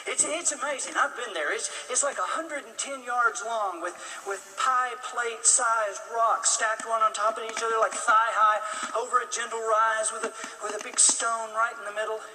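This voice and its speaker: A man telling a dramatic story as a speaker, acting out the quoted lines with lively energy. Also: very high voice, normal speed, distant mic, a little hiss or hum. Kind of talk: storytelling speech. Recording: echoey hall, mic from afar.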